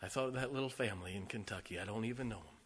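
Husky, forceful middle-aged male preacher. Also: fairly low pitch, very fast. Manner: earnest, rising to loud preaching. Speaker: pastor. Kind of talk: sermon.

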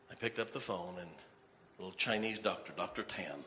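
Bright-voiced preacher telling his story. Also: deep voice, moderate pace, slight background noise. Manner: lively storyteller who chuckles at his own tale. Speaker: preacher giving a testimony. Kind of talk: personal story told from the pulpit. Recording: long reverb of a large hall.

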